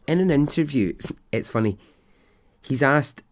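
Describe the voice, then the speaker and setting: A man hosting a podcast, telling a story in a chatty, animated way and laughing at his own tale. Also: mid-range voice, unhurried. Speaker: podcast host. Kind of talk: casual storytelling.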